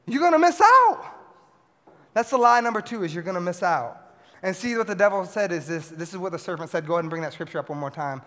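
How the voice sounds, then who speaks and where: Animated high-voiced young preacher man. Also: fast talker. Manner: animated, swings from loud shouts to quiet asides. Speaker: youth pastor. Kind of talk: sermon to a youth audience. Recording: long hall reverb.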